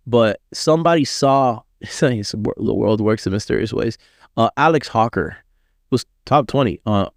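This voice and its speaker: A man from Miami in his thirties tells a long story in loose, profane talk, jumping into other people's voices as he quotes them. His voice sits at an ordinary middle pitch. The sound is dry and close, with no room around it. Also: dry recording. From Miami, USA. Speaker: artist guest. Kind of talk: casual storytelling.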